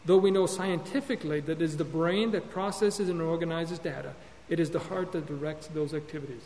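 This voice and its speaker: A man with a fairly high voice delivers a lecture-style sermon on counseling, earnest and deliberate. He restarts phrases and corrects himself mid-thought, slowing down to stress key words. The room adds a long hall reverb over a faint background hum. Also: a little mellow. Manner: earnest teaching, with repeated words and self-corrections. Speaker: Bible teacher on counseling.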